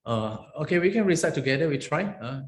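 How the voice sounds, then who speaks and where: A man's voice: fairly high pitch, slight background noise. A man, a Buddhist monk, teaching an online Pali lesson step by step, often checking in with "okay?" and "right?". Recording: roomy echo.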